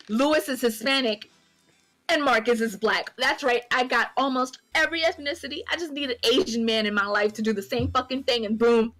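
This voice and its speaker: Animated laughing woman telling a story. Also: a little high, brisk. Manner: animated, laughing, swears freely, acts out quotes. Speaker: podcast co-host. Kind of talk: casual storytelling chat.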